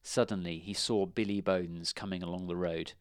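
A man reading a children's storybook aloud in a measured, expressive way. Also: sits low, clear, resonant tone, dry recording, studio quality.

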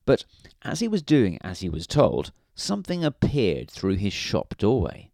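Lively man reading a children's story. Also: on the low side, unhurried, gravelly, dry recording, clean studio sound. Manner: playful, asks the listener questions. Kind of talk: children's story read aloud.

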